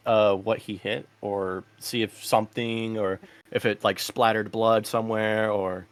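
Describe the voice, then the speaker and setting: A man's voice: lowish voice, little pitch movement, unhurried, no room sound. A man playing a tabletop game over a call, hesitant and chuckling as he talks. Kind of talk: casual chat.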